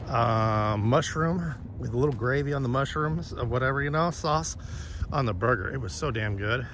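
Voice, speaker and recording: A man's voice: mid-range voice, moderate pace, fairly bright tone. A middle-aged man live-streaming a dog walk outdoors, telling rambling, profane stories from his youth with lots of ums. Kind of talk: casual storytelling chat. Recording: outdoor stream with clear street noise.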